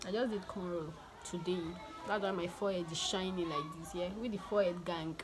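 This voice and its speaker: A woman's voice: fairly low pitch, fairly even intonation, fairly quick, noisy background. A young woman chatting to her viewers in a casual vlog from home, laughing often and restarting her sentences. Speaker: vlogger.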